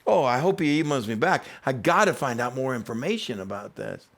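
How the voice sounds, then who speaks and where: A male teaching pastor delivering a sermon, telling stories in an animated way. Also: medium pitch, fairly quick. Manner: animated, storytelling.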